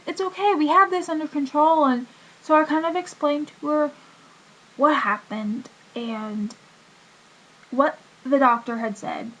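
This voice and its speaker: A woman's voice: sits high, a bit bright, poor audio. A young woman vlogging casually about a doctor's visit, rambling with many fillers and restarts. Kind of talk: casual health vlog.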